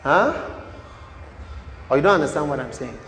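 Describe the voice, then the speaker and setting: High-pitched preacher in an echoey hall. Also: male voice, expressive, moderate pace, slight background noise. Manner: dramatic, swings from loud to hushed, questions the congregation. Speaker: pastor. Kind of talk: sermon.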